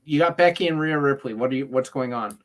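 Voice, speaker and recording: Mid-pitched chatty co-host, laying out scenarios in casual talk. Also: fast talker. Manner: spins hypothetical scenarios, chatty. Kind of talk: casual wrestling chat.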